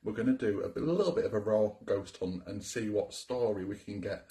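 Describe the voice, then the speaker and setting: A man's voice: on the low side, fairly quick, dark tone. A man co-hosting a ghost hunt livestream, welcoming viewers and explaining the equipment set up in an old cottage. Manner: upbeat presenter, explains the setup, laughs easily. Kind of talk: casual livestream presenting. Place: old abandoned cottage, indoors.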